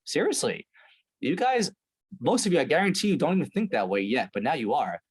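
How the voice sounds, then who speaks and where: Profane, lively male sales coach. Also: a little high, fairly quick, slightly rough. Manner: blunt, profane and animated, acts out scenes. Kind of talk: coaching talk to a sales team.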